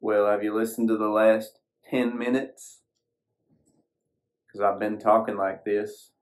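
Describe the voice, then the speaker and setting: Low-voiced folksy man, rambling solo podcast. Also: little pitch movement, unhurried, rough recording. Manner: folksy, rambling, casual swearing. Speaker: podcast host. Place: sitting alone at a screen.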